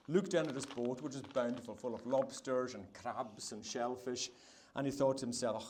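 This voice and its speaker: A man's voice: medium pitch, very animated, normal speed, darkish tone. Scottish island guy chatting and cooking, tells a yarn, mid voice, bit of hiss. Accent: Hebridean Scottish. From Isle of Lewis, Scotland. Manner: chatty, laughing, spins a yarn. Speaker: baker giving a cooking demonstration. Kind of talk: storytelling while cooking. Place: food festival hall, demo stage.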